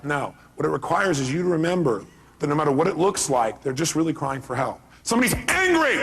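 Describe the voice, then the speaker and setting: A man's voice: on the high side, very animated, fast talker, a bit bright, husky. A middle-aged man giving a live seminar talk as a motivational speaker, emphatic and firing rhetorical questions at the audience.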